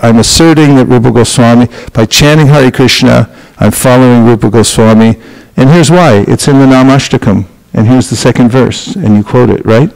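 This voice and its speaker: A man's voice: medium pitch, moderate pace, vocal fry, few pauses, a little mellow, rough recording. A man leading an interactive scripture class, speaking directly and coaching his students as he corrects them. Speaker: spiritual teacher leading a class.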